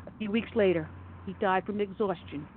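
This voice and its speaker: A woman's voice: mid-range voice, fairly quick. A woman hosting a conservative talk radio show, delivering an impassioned, emphatic monologue with sarcastic asides. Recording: phone-like narrow audio with faint noise.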